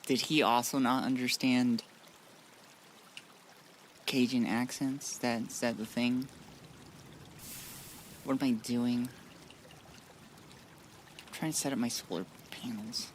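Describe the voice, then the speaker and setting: A man's voice: medium pitch, steady tone, slow pace, pauses often, slight background noise. A man streaming a modded game, chatting casually in a rambling, blunt way with frequent restarts. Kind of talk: casual live-stream chat.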